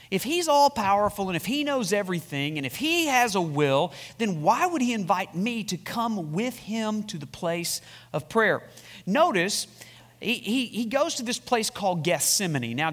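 Man, pastor, sermon, emphatic, slow stressed scripture reading, reverberant church hall. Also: high-pitched, fairly bright tone.

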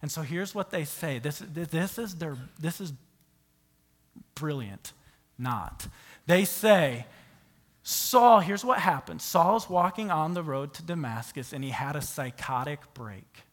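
A man preaching a sermon, telling the story with animated rhetorical questions to his listeners. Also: a little high, a little slow. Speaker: pastor.

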